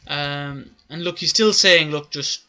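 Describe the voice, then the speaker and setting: A man's voice: on the high side, measured pace, bright, forceful tone. A man giving a casual, rambling recap of a comic chapter, with many filler words. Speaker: manga reviewer.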